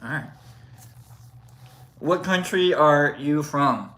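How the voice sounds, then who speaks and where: Bright, joking live-stream host man. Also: fairly high pitch, slow pace, poor audio. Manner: jokey, rambling, laughs a lot. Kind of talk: casual live-stream chat.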